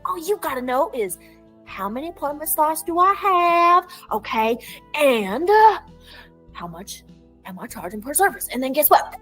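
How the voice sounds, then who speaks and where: A woman's voice: high-pitched, very animated, moderate pace, fairly bright tone, rough recording. A woman giving a comedic promotional monologue in a playful, folksy cowboy persona full of slang. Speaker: clinic business promoter. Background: faint music.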